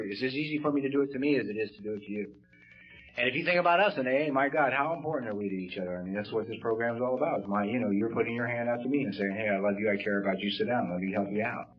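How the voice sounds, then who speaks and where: A man speaking at a recovery meeting, telling stories in a folksy way with casual swearing and plenty of "you know" and "man". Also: medium pitch. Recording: dull lo-fi tape.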